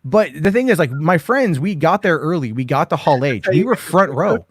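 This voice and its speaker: A man's voice: on the high side, lively intonation, normal speed, husky, no room sound, studio quality. Rambling, profane man telling stories. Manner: rambling, profane, storytelling with acted-out quotes. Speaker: host. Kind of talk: casual movie chat.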